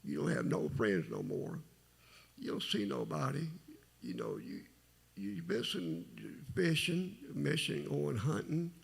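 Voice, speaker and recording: Middle-aged man, deep gravelly and husky, lively pitch, halting folksy church testimony. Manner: rambling, halting, folksy storytelling. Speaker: testimony speaker. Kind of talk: personal testimony at a church service.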